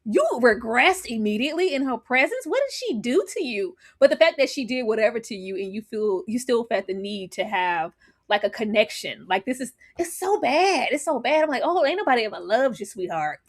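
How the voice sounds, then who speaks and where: A woman co-hosting a casual TV recap chat, animated and dramatic with laughing asides. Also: a little high, normal speed. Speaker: podcast co-host.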